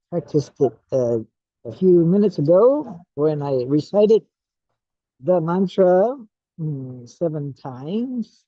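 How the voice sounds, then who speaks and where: A man giving a slow, musing talk on his own Buddhist study, with many fillers and pauses. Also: a little high, no room sound. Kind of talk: casual self-study talk. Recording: muffled lo-fi recording.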